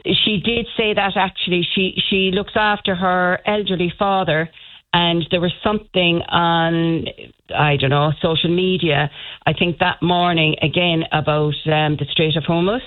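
A woman's voice: fairly low pitch, fairly even intonation, a little slow. A woman with a Cork Irish accent calling a radio show and telling a rambling, friendly story. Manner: chatty, rambling, warm storyteller. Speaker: radio caller. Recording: tinny phone line.

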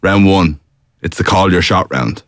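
Deep-voiced Irish quizmaster, dry studio sound. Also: male voice, unhurried, fairly bright tone, no room sound. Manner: wry, teasing, reads scripted intros. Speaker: quizmaster host. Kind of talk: radio quiz hosting.

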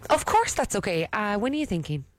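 A woman's voice: medium pitch, big pitch swings, brisk, faint music behind, close to an everyday voice. A woman voicing a polite, posh female hotel receptionist on the phone.

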